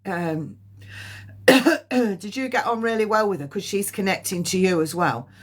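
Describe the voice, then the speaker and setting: Slow-talking woman medium, coughing. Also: mid-range voice. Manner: slow, rambling, with frequent ums and coughs; emotional, near tears at times. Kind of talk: live-streamed psychic reading.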